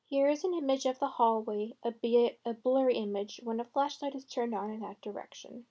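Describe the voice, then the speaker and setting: A woman reading a calm, scripted voice-over narration. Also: fairly high pitch, brisk, dull audio.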